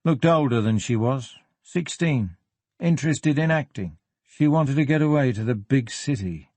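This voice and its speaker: Man as a quiet, reflective detective. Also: medium pitch, animated, normal speed, dry recording, natural voice. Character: thoughtful male police detective inspector.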